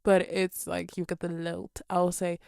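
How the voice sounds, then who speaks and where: A woman's voice: lowish voice, monotone, unhurried, vocal fry, darkish tone, no echo, studio quality. A young British woman from Birmingham chatting casually over a game build, rambling and apologetic, into a desk microphone at home. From Birmingham, England.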